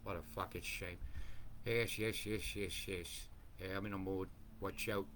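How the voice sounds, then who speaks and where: A man giving a rambling, profane commentary over weather maps, swinging between mumbled asides and loud rants. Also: low-pitched, steady tone, measured pace, slight background noise. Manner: profane, ranting, jumps between mumbling and bursts.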